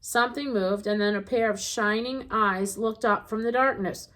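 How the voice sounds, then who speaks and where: A woman narrating a children's storybook aloud in an expressive, gentle reading voice. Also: medium pitch, normal speed.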